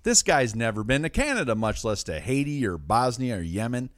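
A man's voice: mid-range voice, big pitch swings, fairly quick, dry recording. A man hosting a comic news show in a studio, delivering jokes and headlines in a wisecracking way. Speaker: host.

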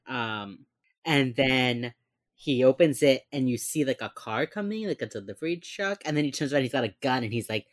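Animated woman recapping with lively pitch. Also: no echo. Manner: animated retelling, acts out characters' lines, laughs often. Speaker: podcast co-host recapping a TV episode. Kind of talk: casual chat.

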